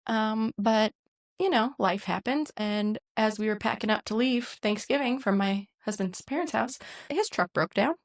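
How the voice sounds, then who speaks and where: A young woman co-hosting a casual podcast, a mother of two small children, who chats warmly, laughs often and voices quotes in a bright tone. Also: on the high side, moderate pace, no echo, clean studio sound. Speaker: podcast co-host. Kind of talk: casual chat.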